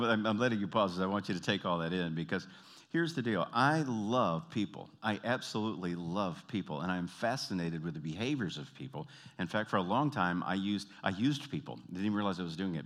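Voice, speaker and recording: A man from the American South with a Southern accent, performing an animated stand-up comedy routine. He tells stories and jumps into high, exaggerated voices. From Southern United States. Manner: animated storytelling, jumping into high put-on voices.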